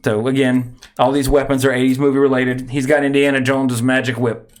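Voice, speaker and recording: With a medium-pitched, flat delivery at a fairly quick clip, a man introduces a segment on his casual podcast. He rambles, keeps correcting himself, and chuckles a lot.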